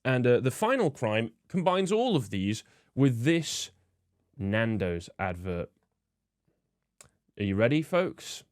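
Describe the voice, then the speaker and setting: A man's voice: medium pitch, big pitch swings, slow, pauses often, no room sound, studio quality. Disdainful man ranting. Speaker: host. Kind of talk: political commentary.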